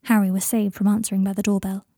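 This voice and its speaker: A woman narrating a fan fiction story in a soft, low-key way that drops to whispers. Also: level tone, quick pace, dry recording, clean studio sound. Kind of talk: audiobook reading of fan fiction.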